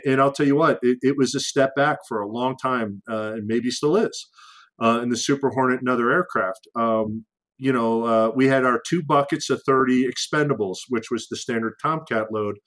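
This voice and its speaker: In a rough recording, a man with a mid-range, fairly bright voice talks at normal speed. He's a former military pilot guest telling a casual story, loudly imitating radio calls, with frequent fillers and restarts.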